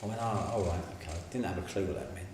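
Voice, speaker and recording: A middle-aged man recounts his story in a candid, colloquial way and acts out each person he quotes. His voice sits fairly low. It rings around a very echoey room with a faint hiss underneath. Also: very fast. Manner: animated, colloquial, acts out the people in his stories. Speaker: interviewee giving a testimony.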